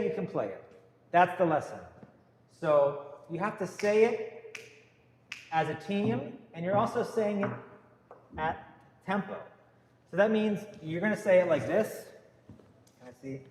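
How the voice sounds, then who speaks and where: A man's voice: high-pitched, darkish tone. A man teaching a guitar class, counting beats and calling out note letters for his students to say together. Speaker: music teacher. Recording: echoey room, faint noise.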